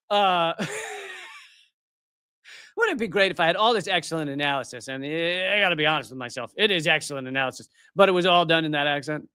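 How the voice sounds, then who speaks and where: A man's voice: sits high, a bit bright, no room sound, studio quality. A middle-aged man hosting a live political commentary show, ranting in a heated, sarcastic and mocking way. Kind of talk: live commentary rant on news clips.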